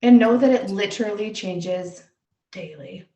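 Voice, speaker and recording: A woman's voice: mid-range voice, unhurried, dark tone, echoey room, distant mic. A woman in her thirties co-hosting a casual podcast, a mother talking bluntly and swearing freely as she retells her day with animation. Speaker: podcast co-host. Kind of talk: casual chat.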